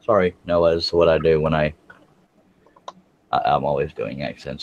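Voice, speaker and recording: Deep-voiced man, rambling chat. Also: normal speed, long pauses, a little mellow, slight background noise. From Texas. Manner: rambling, self-correcting, chatty. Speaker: guest woodworker. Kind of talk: casual live-stream chat. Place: home, smoking while talking.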